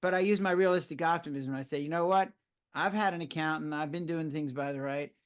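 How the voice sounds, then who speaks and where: An older man with a somewhat high voice talks in a relaxed interview. He tells lively stories and acts out his own surprised reactions. He explains with the ease of a physician who has said this many times. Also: brisk. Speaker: physician guest. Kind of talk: conversational interview.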